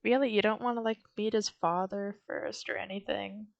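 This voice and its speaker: A woman's voice: medium pitch, steady tone, moderate pace, vocal fry, muffled recording. A woman hosting a game playthrough who makes dry, wry asides between the game's lines. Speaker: gaming video host.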